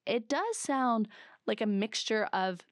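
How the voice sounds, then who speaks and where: A young woman with a Southern California Valley accent, hosting a solo podcast recap in chatty, animated talk, swearing freely and jumping between asides. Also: a little high, slow pace, dry recording, clean studio sound. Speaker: podcast host.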